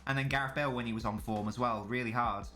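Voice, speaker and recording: A man's voice: mid-range voice, fairly even intonation, fast talker, bright, forceful tone, soft background music. A man chatting casually as a live streamer during a football watchalong, rambling and swearing freely while answering chat.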